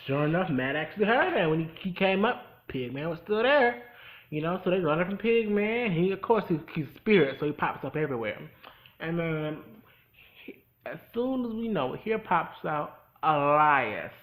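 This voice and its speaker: A man's voice: a little high, highs cut off. A young man hosting a casual recap of a TV episode, chatty and full of sassy asides. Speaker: host.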